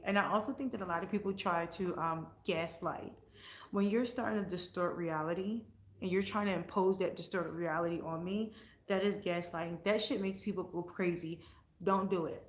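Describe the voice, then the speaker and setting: A woman's voice: lowish voice, echoey room. A woman vlogger chatting casually and answering comments, blunt and profane, getting heated as she talks.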